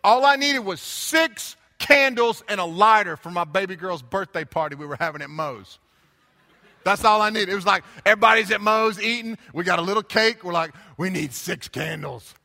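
Give me a man preaching a relaxed, funny, digressive sermon, slightly high voice, in a reverberant church hall. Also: moderate pace. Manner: casual, digressive, humorous storytelling. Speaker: pastor. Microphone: handheld or stand microphone.

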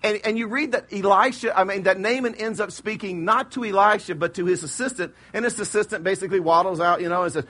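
A middle-aged man preaching a sermon, retelling a Bible story in lively modern slang and acting out the characters. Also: sits high, quick pace, few pauses. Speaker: pastor.

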